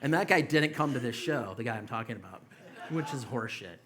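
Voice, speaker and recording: Profane stand-up comic, bright voice. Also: male voice, mid-range voice, expressive, a little fast. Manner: loose, profane storytelling with mocking quoted voices. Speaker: stand-up comedian. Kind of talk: stand-up set. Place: small comedy club stage.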